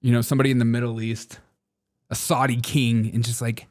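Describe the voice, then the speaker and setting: A man's voice: medium pitch, level tone, brisk, no room sound, studio quality. A man hosting a live political comedy show, reacting to clips with sarcastic, mocking commentary and frequent laughter.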